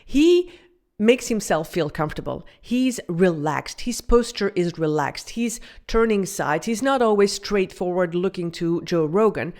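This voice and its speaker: A woman's voice: lowish voice, lively intonation, measured pace, a little mellow. A woman host giving upbeat, scripted commentary about communication and confidence. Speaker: video host and communication coach.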